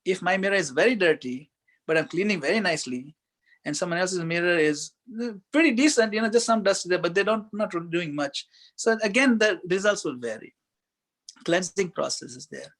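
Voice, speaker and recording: A man giving a conversational spiritual talk as a guest speaker, telling stories in a relaxed way with many fillers. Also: high-pitched, a little fast.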